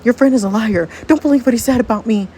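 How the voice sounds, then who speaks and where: A woman's voice: fairly high pitch, quick pace, warm tone, a little hiss or hum, pitched above the performer's own voice, natural voice. A woman voicing a scheming young woman who fakes a pregnancy, speaking in a pleading, defensive way.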